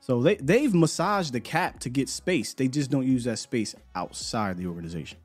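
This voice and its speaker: A man's voice: mid-range voice, animated, moderate pace, slightly rough, soft background music. Laid-back slangy male podcast host. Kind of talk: casual live-stream chat.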